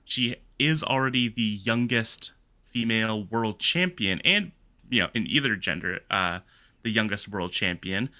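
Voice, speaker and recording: A man's voice: lowish voice, a little slow, sharp tone. A man co-hosting a podcast, chatting casually and laughing easily. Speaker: podcast co-host. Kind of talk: casual chat.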